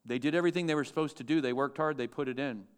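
A man's voice: mid-range voice, rapid-fire, clear, resonant tone. A man pastor preaching a sermon to his church, emphatic and asking the congregation questions.

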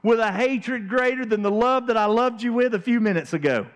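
A man's voice: very high-pitched, fairly quick, pitched above the performer's own voice. A man voicing a self-pitying young prince who turns coldly dismissive, in a sermon retelling.

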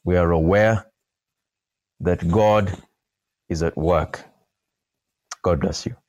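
A man preaching a sermon, slow and emphatic, repeating key phrases for weight. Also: sits low, darkish tone, no echo, clean studio sound. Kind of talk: sermon podcast.

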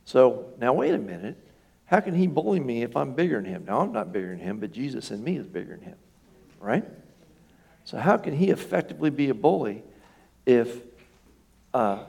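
A middle-aged man delivers a sermon in a relaxed, talking-it-through style. He keeps asking the congregation questions as he goes. His voice has a gravelly, fry-tinged texture at an ordinary pitch. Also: normal speed, long pauses. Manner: conversational, asks the congregation questions. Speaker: pastor.

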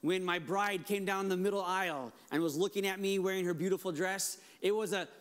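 Brief: male pastor, 40s, higher voice, enthusiastic conversational sermon. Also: fairly even intonation, brisk, clear, resonant tone. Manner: enthusiastic, conversational, with frequent restarts and fillers.

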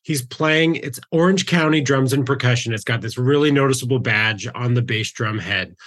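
A man's voice: medium pitch, normal speed. A man co-hosting a casual music podcast, talking loosely with lots of fillers. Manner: animated, loose, many fillers like "you know". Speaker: podcast co-host. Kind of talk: casual chat.

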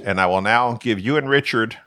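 A man's voice: mid-range voice, brisk, bright, forceful tone, dry recording, studio quality. A man hosting a casual podcast and running a playful quiz for his co-hosts. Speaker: podcast host.

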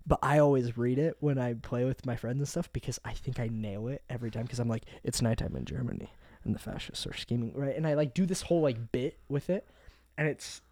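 A man co-hosting a podcast, chatting casually, easygoing and quick to laugh. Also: medium pitch, dark tone, no echo. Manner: easygoing, laughs often, trailing filler words. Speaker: podcast co-host. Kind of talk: casual chat.

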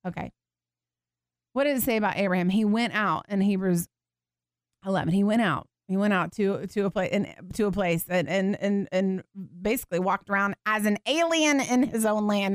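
A woman hosting a faith show, teaching from the Bible in an animated, expressive way and acting out what people in the story say. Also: on the high side, no echo, studio quality. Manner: animated, expressive, laughs and acts out voices.

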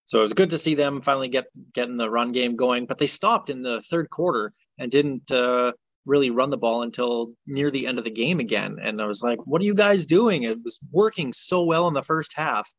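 A man's voice: medium pitch, a little fast, no echo. Podcast co-host, man, exasperated sports ranter, dry dull lo-fi sound. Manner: exasperated ranting, animated. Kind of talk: casual sports chat.

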